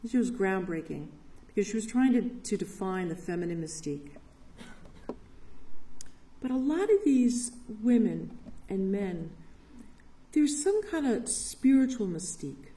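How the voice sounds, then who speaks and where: A woman's voice: medium pitch, big pitch swings, unhurried, pauses often, mellow. A woman giving an enthusiastic church talk, telling stories with laughter. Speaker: parish ministry speaker. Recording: echoey hall from a distant mic.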